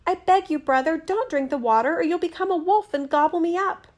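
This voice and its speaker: A woman voicing a frightened little girl from a fairy tale, begging in a high, urgent voice. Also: expressive, moderate pace, natural voice. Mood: pleading.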